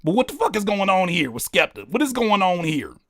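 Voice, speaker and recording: A man in casual reaction commentary whose high voice leaps all over the place. He cracks jokes and throws in profane slang. The sound is dry and close up. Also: a little fast, no echo. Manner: animated, joking, rereads lyrics aloud. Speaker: reaction host.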